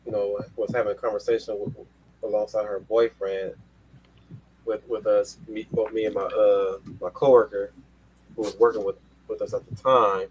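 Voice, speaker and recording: A man's voice: lowish voice, flat delivery, moderate pace, slight background noise, rough recording. A man hosting a casual panel chat, rambling with many restarts and casual swearing. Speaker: podcast host.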